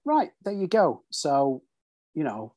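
A man's voice: on the high side, huge pitch swings, takes it slowly, warm tone, no echo. A man in his forties hosting a casual film chat, talking in loose restarts with lots of tag questions. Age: 40s. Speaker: podcast host.

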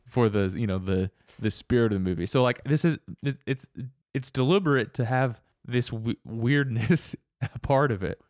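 A man's voice: mid-range voice, moderate pace, a little mellow, no room sound, clean studio sound. A young man in casual film chat, thinking aloud hesitantly with many fillers.

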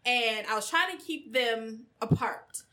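A woman in her thirties telling stories in a casual chat, animated and acting out quotes. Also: on the high side, unhurried, noisy background. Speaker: guest.

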